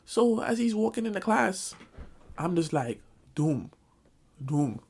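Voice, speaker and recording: A man's voice: high voice, lively intonation, moderate pace, creaky, a little hiss or hum. A young man telling a comic school story in a storytime vlog, acting out quotes. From Jamaican family, Caribbean community. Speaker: vlogger.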